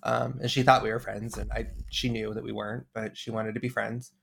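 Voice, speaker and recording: A man's voice: fairly low pitch, level tone, a little fast, gravelly, fairly bright tone, slightly rough. A man co-hosting a podcast in casual chat, blunt and profane, laughing often. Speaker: podcast co-host.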